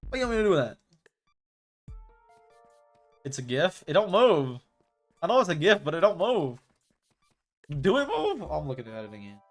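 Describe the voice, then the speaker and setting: A man's voice: fairly high pitch, very animated, a little fast, long pauses, faint music behind. Rambling young man streaming a game. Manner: rambling, slangy, talks to chat while playing. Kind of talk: casual gaming stream chat.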